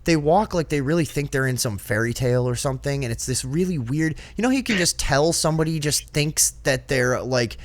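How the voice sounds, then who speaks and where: A man with a slightly high voice, from the northern United States, co-hosts a casual podcast and talks fairly fast with almost no pauses, in a dry space with no room sound. He tells a rambling, swear-filled story, animated throughout and doing impressions of the people in it.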